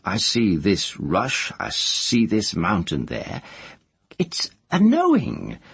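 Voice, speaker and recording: Guy doing a crackly old country witch lady, high and swooping all over, husky, rustic talk, dry close sound. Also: huge pitch swings, slow, a bit bright, dry recording, exaggerated voice. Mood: folksy, musing. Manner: rustic country dialect, sing-song and drawn out. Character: old female village witch, earthy and rustic. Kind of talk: audiobook character voice.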